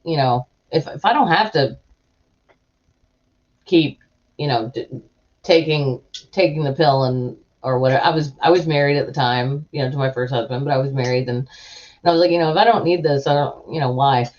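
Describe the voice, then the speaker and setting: A woman's voice: very deep voice, moderate pace. A woman chatting casually to live viewers as host, telling stories animatedly. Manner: animated storytelling, acts out voices of people in her anecdotes. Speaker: livestream host. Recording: muffled lo-fi stream audio.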